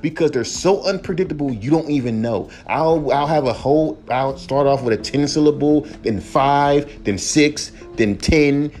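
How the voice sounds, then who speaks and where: A man's voice: on the high side, a little mellow. A young man hosting a solo podcast as a rapper, ranting heatedly with lots of profanity and repeated emphasis.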